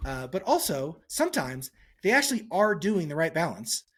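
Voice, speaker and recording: A male psychologist answering interview questions on a podcast, telling stories and acting out quotes with sudden pitch jumps. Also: moderate pace, husky. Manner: animated storytelling, acts out quotes with pitch jumps. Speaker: psychologist guest.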